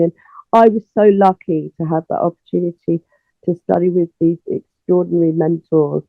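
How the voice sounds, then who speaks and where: A woman's voice: on the low side, dry recording. A middle-aged woman, telling stories as an interview guest and acting out the dialogue, with plenty of fillers. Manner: animated storyteller, acts out dialogue, many fillers. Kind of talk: casual interview storytelling. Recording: tinny phone line, dry.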